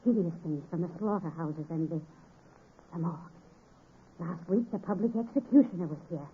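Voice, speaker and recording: A woman's voice: fairly low pitch, moderate pace, breathy edge. A woman playing a fretful, complaining housekeeper in a 1930s radio drama. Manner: anxious, complaining. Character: Madam Morris, fretful middle-aged housekeeper. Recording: tinny old radio recording with hiss.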